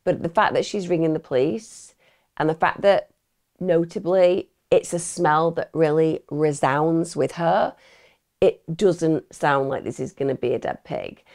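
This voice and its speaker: A woman host talking through a true crime case in a blunt, opinionated, conversational way. Her voice sits low with a gravelly, creaky texture. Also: measured pace, a little mellow.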